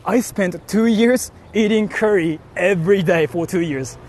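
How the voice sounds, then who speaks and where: Man, casual vlogger, high voice, emphatic and chatty. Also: unhurried, a little mellow, a little hiss or hum. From Japan. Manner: emphatic, repeats "see?" and "like" often, swears. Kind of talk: casual vlog talk to viewers. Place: walking through a convenience store.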